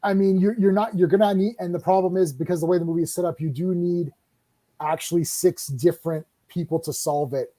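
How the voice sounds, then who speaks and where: A man hosting a casual online horror discussion, talking excitedly with lots of laughter. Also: sits high, fairly quick. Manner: excited, laughing, acts out scenes. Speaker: stream host. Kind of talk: casual chat about horror shows.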